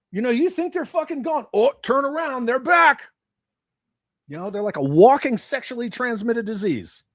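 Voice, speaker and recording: A man's voice: very high-pitched, no room sound, studio quality. A man hosting a livestream, ranting with profanity and sarcasm about his hobby. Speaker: livestream host.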